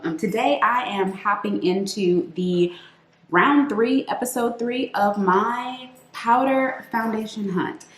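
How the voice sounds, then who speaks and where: A woman's voice: medium pitch, echoey room. A woman beauty vlogger chatting playfully through a makeup routine, calling her viewers sis. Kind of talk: casual makeup tutorial chat.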